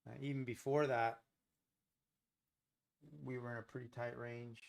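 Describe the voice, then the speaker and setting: A man at a mid pitch gives unhurried live trading commentary, thinking out loud as he moves from one market to the next. He keeps questioning his own trade ideas and drops in relaxed, joking asides. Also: vocal fry. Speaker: futures day trader streaming live.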